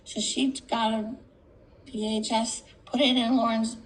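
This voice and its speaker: Woman, high voice, bubbly storytelling, video call, slips into voices. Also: level tone, slow pace, low-quality recording. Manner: bubbly, quoting others in voices. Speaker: guest speaker. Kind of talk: storytelling anecdote.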